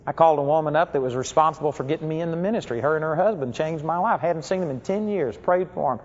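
A man preaching a sermon, telling stories earnestly and slowing down to stress key phrases. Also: a little high, a little mellow. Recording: dull audio with long hall reverb.

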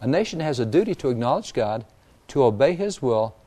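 A man explaining early national history in a talk, emphatic and animated, stressing key words. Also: mid-range voice, fairly quick. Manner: animated storyteller, emphatic, reads quotes aloud. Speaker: history guest. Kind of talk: conversational history lecture.

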